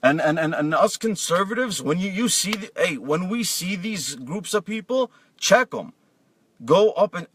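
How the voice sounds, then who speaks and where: A man's voice: a little high, animated, moderate pace, a bit bright, far from the mic. A man delivering an aggressive political rant, often stumbling and restarting as he talks. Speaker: political vlogger.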